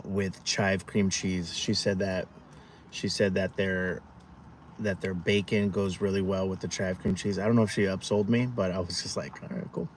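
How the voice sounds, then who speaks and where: A man chatting casually to viewers on a live food vlog, rambling with asides to his dog, outdoors and in his car. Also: sits low. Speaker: food vlogger. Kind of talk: casual live-stream chat. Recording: noisy outdoor traffic background.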